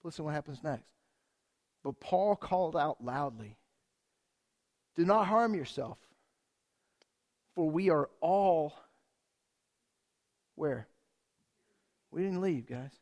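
A man preaching a sermon in a church, conversational and energetic, asking the congregation rhetorical questions. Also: a little high. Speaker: pastor.

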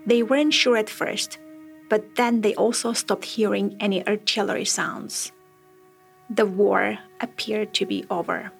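A woman hosting a podcast, telling a true story in measured, reflective scripted narration. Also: mid-range voice, fairly even intonation, creaky, soft background music.

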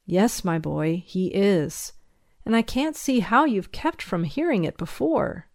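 A woman reads a rough-spoken country sheriff, gruff on the surface but fatherly underneath. He talks in a slow, folksy drawl, every word dry and close. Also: mid-range voice, lively intonation, no echo. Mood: gentle, grave.

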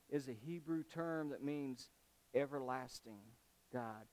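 A man preaching in a folksy, conversational way, acting out scripture as he goes. His voice sits a little higher than most men's. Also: a little slow, a little mellow. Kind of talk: sermon.

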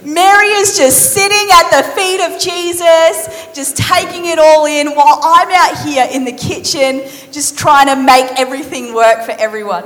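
A woman's voice: sits high, expressive, slow, fairly bright tone, soft background music, exaggerated voice. A woman preacher voicing a flustered hostess who complains that she is doing all the work while her sister sits and listens. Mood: exasperated. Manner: exasperated, pleading. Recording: reverberant hall.

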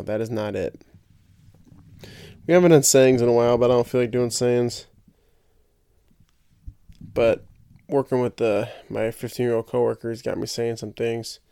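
A young man talks loosely to his podcast listeners, jokey and rambling, and he stumbles into repeated words now and then. His voice sits at an ordinary middle pitch. The sound is close and dry, with no room around it. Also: creaky, dark tone, no echo. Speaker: podcast host. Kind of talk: casual solo chat.

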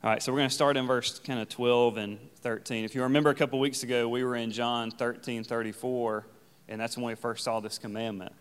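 Male pastor, smooth resonant voice, casual conversational sermon, long hall echo. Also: mid-range voice, level tone, fairly quick. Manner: conversational, paraphrases scripture in casual everyday phrasing.

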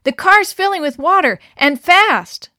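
A woman reading aloud, voicing a steady, capable mother who gives urgent orders. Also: fairly high pitch, normal speed, dry recording, studio quality, close to an everyday voice.

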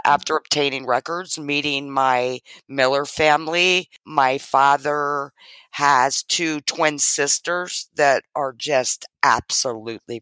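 With a rumbling low voice and a fairly bright tone, a middle-aged woman shares a heartfelt story from her life as an interview guest. She speaks earnestly and acts out quoted speech. There's no room sound.

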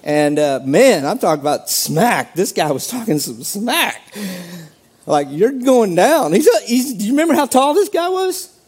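A man preaching a sermon as pastor, animated, acting out quoted voices with sudden jumps in pitch. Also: normal speed, husky.

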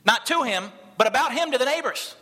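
Fast, bright-voiced male preacher. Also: extremely high pitch. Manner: animated, acts out quoted voices. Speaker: missionary pastor. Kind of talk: sermon storytelling. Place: church service.

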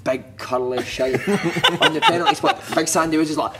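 A man's voice: a little high, moderate pace, heavy background noise. A Scottish man on a podcast, telling football stories in casual chat, laughing and acting out other people's lines. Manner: animated storyteller who acts out other people's lines, laughing and swearing.

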